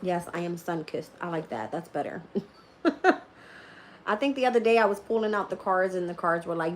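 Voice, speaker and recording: A woman's voice: on the low side, moderate pace, slight background noise. Laughing, swearing woman streamer. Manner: laughs often, swears freely, animated storytelling. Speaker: tarot reader streamer. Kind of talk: casual live-stream chat.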